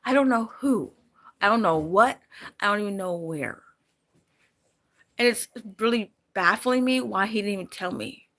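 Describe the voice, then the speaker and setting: A woman's voice: medium pitch, lively intonation, moderate pace, long pauses, fairly bright tone. A middle-aged woman vlogging, angry and upset, repeating herself as she vents after sleepless nights. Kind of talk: emotional personal vlog.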